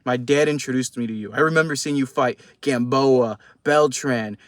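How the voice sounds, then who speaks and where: A man's voice: mid-range voice, normal speed, no room sound, studio quality. Profane, heated young man vlogging boxing. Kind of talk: casual post-fight commentary.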